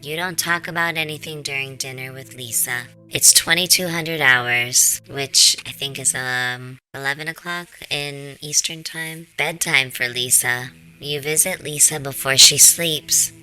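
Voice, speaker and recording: A woman reading a text horror game aloud in the second person, with a few quiet asides of her own. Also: rumbling low, steady tone, unhurried, few pauses, faint music behind, rough recording. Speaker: gameplay narrator.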